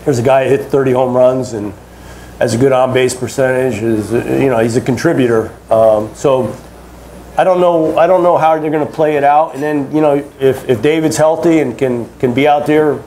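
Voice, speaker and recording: A man's voice: mid-range voice, steady tone, moderate pace, dark tone, slight background noise, poor audio. A man in his fifties, a former ballplayer as a panel guest, telling rambling, chatty stories to a fan audience at a convention. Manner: chatty, rambling, with many restarts and laughs. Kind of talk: casual storytelling to a fan audience.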